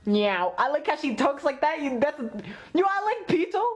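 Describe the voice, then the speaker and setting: A man hosting a live anime reaction video, excitable, laughing often and talking straight to his viewers. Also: very high voice, moderate pace.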